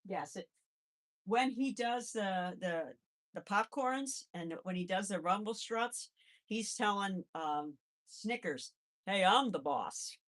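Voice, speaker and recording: A live-stream host who fosters rabbits chats casually with viewers in a mid-range voice, speaking slowly. Between answers she handles her pets and coos to them in baby talk.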